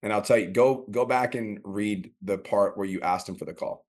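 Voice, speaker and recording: A man's voice: fairly low pitch, normal speed, darkish tone. A man coaching a caller in a blunt, profane, direct way. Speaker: business coach, host.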